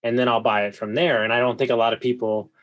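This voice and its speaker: Excitable male podcast host. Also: medium pitch. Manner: emphatic and excitable, quick restarts. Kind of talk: conversational interview.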